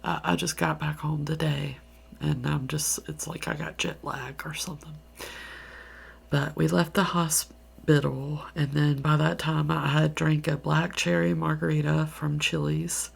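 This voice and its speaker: A woman's voice: low-pitched, level tone, unhurried, creaky, husky. A tired woman with a Southern US accent, telling a story in a rambling, half-whispered ASMR style. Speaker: ASMR creator. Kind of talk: soft-spoken ASMR ramble.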